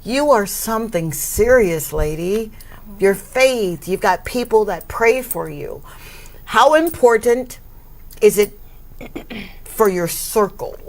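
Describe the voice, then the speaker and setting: A woman hosting a talk show, effusive and grateful, laughing often and breaking into high exclamations. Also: expressive, takes it slowly. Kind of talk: warm talk show interview.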